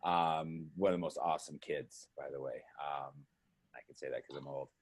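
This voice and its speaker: A man hosting a casual live video chat, excitable and chatty with many fillers, speaking over a video call. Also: rumbling low, moderate pace, slightly rough. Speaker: livestream host.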